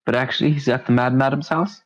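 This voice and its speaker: A man voicing a gruff, wise male city guard, slangy and knowing. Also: mid-range voice, steady tone, quick pace, dry recording, pitched above the performer's own voice, close to an everyday voice. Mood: conspiratorial. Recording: dull lo-fi stream audio.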